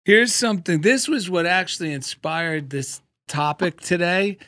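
A man hosting a spiritual talk show in casual chat, telling stories with lively energy and bursting into loud cartoon impressions. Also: high-pitched, measured pace. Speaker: radio show host.

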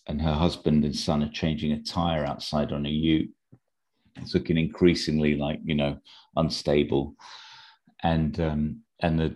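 A man's voice: extremely low pitch, darkish tone. A man co-hosting a podcast, rambling through an episode idea with many fillers and restarts. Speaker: podcast co-host. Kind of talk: casual chat, pitching an episode idea.

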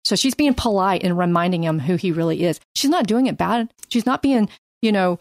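Animated woman leading a Bible chat. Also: medium pitch, dry recording, clean studio sound. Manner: animated storyteller, reads scripture slowly. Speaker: Bible study co-host. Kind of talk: casual Bible study chat.

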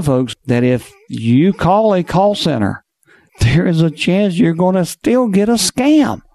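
A man's voice: mid-range voice, darkish tone, dry recording, studio quality. A man who hosts the show as a financial planner, telling anecdotes in a conversational interview.

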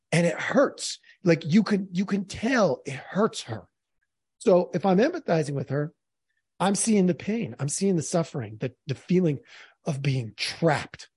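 A man's voice: on the high side, big pitch swings, measured pace, a little mellow, breathy edge, dry recording, clean studio sound. A man commenting earnestly on a played clip, speaking directly to his audience. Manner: earnest, addresses the audience as folks.

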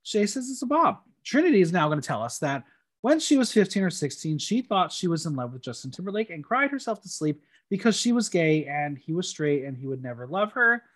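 A podcast host recapping a TV episode in a playful, animated way, with a casual chat feel. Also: mid-range voice, fairly quick.

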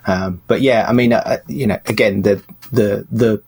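A British man talks casually on a podcast, wandering through his points with easy restarts. His voice has a husky, slightly rough edge. He sounds relaxed and unhurried, like a co-host catching up with friends. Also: fairly low pitch. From England. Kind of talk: casual chat.

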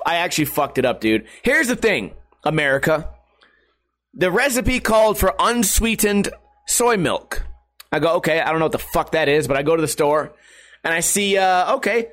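A man's voice: high-pitched, a bit bright. A man in his thirties rambling casually in a vlog, crude and self-mocking, swearing often and laughing at himself. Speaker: vlogger.

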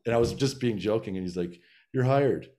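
Middle-aged man, low-ish voice, loose rambling storyteller, lots of restarts. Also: fast, mellow. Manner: rambling, frequent restarts and filler. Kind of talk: casual storytelling chat.

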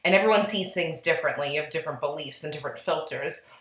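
A woman's voice: deep voice, fast talker, a bit bright, reverberant, low-quality recording. A woman co-hosting a casual podcast, chatty and reflective, her voice slightly worn. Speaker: podcast co-host, psychic medium.

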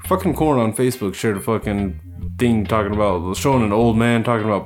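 A man's voice: on the low side, brisk, soft background music. Rambling profane man co-host. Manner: rambling, profane, many filler likes. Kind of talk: casual chat.

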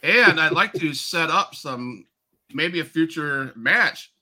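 A man with a very bright, fairly high voice hosts a wrestling podcast. He asks long, rambling questions meant to stir the pot between rivals. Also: expressive, slow. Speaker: podcast host. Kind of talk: podcast interview.

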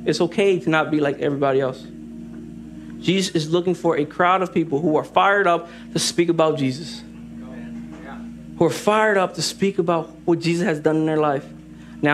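A young man preaching a sermon as an assistant pastor, lively and joking, speeding up for asides and slowing down for emphasis. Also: on the high side, faint music behind. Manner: lively, joking, shifts between fast asides and slow emphatic lines.

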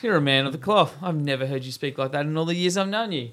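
A man voicing an older cardinal in a spoken joke, a little raised and louder. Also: on the high side, fast talker, close to an everyday voice. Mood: stern. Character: older male cardinal in a joke, stern then eager.

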